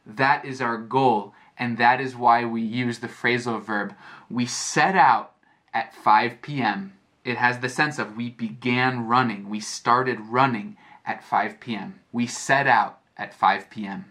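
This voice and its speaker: An American man teaching a lesson as a story, speaking clearly and repeating phrases to explain them. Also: medium pitch, fairly even intonation, measured pace, bright, forceful tone. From United States. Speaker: English teacher. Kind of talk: slow storytelling lesson for learners.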